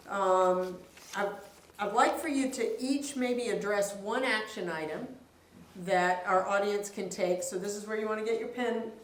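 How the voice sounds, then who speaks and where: A woman hosting a seminar panel, speaking in a measured way with some hesitant starts. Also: mid-range voice. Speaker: seminar host, moderator. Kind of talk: moderating a panel. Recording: roomy, distant mic with faint noise.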